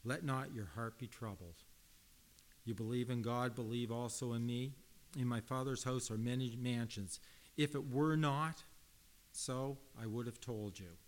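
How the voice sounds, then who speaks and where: A man preaching in an earnest, emphatic way, pausing to stress key words. He reads scripture aloud, then repeats phrases with small stumbles and restarts. His voice sits at an ordinary middle pitch for a man. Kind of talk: sermon.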